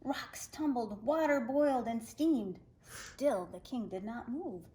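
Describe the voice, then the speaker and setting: A woman reading a folktale aloud to children, expressive and animated. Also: fairly high pitch, takes it slowly, poor audio. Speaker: children's storyteller.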